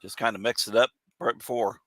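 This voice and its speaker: A man's voice: medium pitch, level tone, brisk, fairly bright tone, dry recording. A man co-hosting a podcast, giving short, easygoing replies with chuckles. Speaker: podcast co-host. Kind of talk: casual chat.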